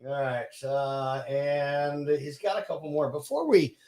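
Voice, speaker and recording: A man's voice: on the high side, measured pace, darkish tone. A man co-hosting a podcast in easygoing, rambling casual chat with his wife. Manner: easygoing, rambling with many fillers and restarts. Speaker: podcast co-host.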